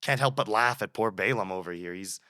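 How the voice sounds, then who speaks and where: A man's voice: lowish voice, fairly quick, sharp tone. A man in his twenties, a student guest on a casual podcast, retelling stories with animation and frequent restarts.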